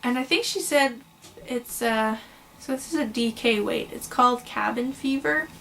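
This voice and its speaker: Showing off her yarn in a casual home vlog, a young woman gushes and rambles, sounding tired as she fights the hiccups. Her slightly high voice is gravelly and a bit bright, moving at a moderate pace. A faint room hum sits behind her.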